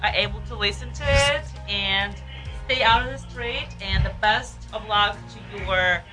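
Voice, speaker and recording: A woman's voice: medium pitch, unhurried, sharp tone, faint music behind. A woman with an Eastern European accent hosting a radio show, chatting with a caller, laughing often and coaxing him to talk. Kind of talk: casual radio chat with a caller. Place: radio studio.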